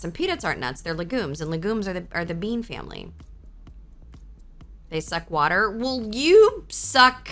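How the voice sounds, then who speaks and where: Excitable, foul-mouthed woman streamer. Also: fairly low pitch. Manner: profane, excitable, reacts to chat aloud. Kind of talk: casual live-stream chat.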